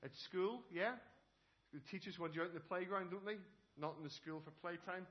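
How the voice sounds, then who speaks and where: A man's voice: high-pitched, moderate pace, muffled recording. A man leading a playful children's talk in a church service, asking the children lots of questions. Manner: lively and playful, addressing children directly with frequent questions. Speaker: preacher giving a children's talk.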